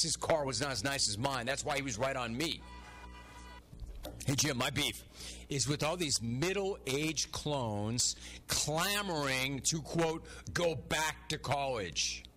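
A man's voice: fairly high pitch, bright, forceful tone. Ranting male talk radio host. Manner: ranting storyteller, acts out dialogue. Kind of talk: talk radio banter, reading listener complaints.

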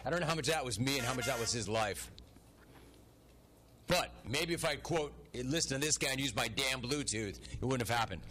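A mid-range male voice, bright and forceful at normal speed, hosts a talk radio show. He rants his way through stories and listener complaints as a storyteller, acting out the dialogue himself.

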